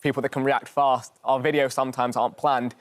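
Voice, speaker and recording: A man's voice: mid-range voice, level tone, a little fast. Young guy guesting on a morning show, laid back, ums a lot. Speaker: guest, online content creator. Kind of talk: interview answers.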